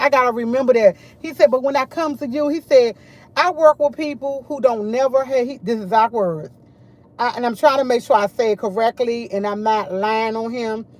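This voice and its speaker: A middle-aged woman chatting casually to camera, full of animated retellings of what others said. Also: high-pitched. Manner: animated, quotes others a lot. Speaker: vlogger.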